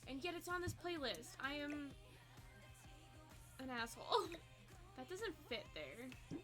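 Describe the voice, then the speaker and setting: A woman in her twenties chatting casually with her live chat as a streamer, swearing, laughing often and saying "like" a lot, with a quiet song playing behind her. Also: high voice, lively intonation, takes it slowly, soft background music. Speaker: livestreamer. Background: quiet pop song playing.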